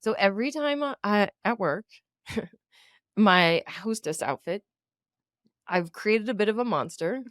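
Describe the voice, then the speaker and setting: A woman in her thirties co-hosts a podcast, chatting casually, laughing often, and doing funny voices for her coworkers' lines. Her medium-pitched voice has lively intonation and a measured pace with long pauses, in echo-free studio-quality sound.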